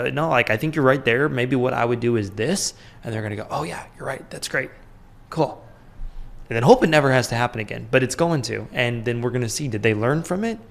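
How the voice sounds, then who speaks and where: A man's voice: mid-range voice, creaky. A man in his thirties, a podcast host, giving casual business advice in a conversational way, full of fillers and "right?" checks.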